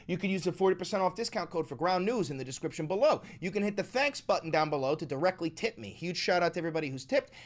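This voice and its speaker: A man's voice: high-pitched, animated, quick pace, few pauses. Profane, ranting streamer guy. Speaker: political commentary streamer. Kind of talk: casual reaction stream.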